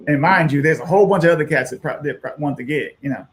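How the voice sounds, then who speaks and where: A man's voice: fairly high pitch, fast, few pauses. A man guest on a radio show, telling a long story with lots of "you know" and acted-out quotes. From United States. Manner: animated, acts out quoted voices, many fillers. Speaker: musician guest.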